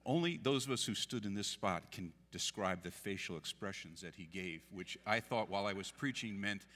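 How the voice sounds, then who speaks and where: Man, pastor, memorial eulogy, very deep, bright forceful tone, earnest and emphatic, church hall echo. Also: moderate pace. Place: church sanctuary. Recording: long church hall reverb.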